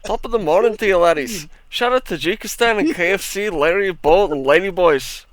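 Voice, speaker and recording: A man voicing a boastful Irish man in a clumsy put-on accent, exaggerated and shouted. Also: high voice, a little fast, dry recording, pitched above the performer's own voice, natural voice. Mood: boisterous.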